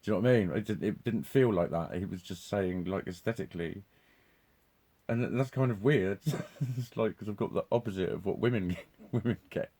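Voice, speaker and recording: Male vlogger with a deep, warm voice, loose and profane, breaks into laughs. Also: brisk, breathy edge. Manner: swears constantly, laughs often, restarts sentences. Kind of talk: rambling live monologue.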